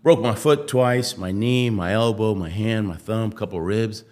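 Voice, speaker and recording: Speaking at a measured pace in a fairly low voice, a former athlete tells stories as an interview guest. He's animated throughout, performing other people's quotes and laughing a lot.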